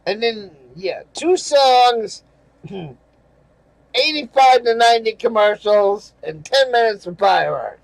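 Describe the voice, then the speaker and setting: An older man rants about a broadcast in an angry, sarcastic way, breaking into bitter little laughs and swearing freely. His voice sits fairly high and he drags his words out slowly. The sound is dry and close, with no room around it. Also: expressive, gravelly, dry recording, low-quality recording. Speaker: channel host reading viewer comments. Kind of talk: casual rant over screenshots.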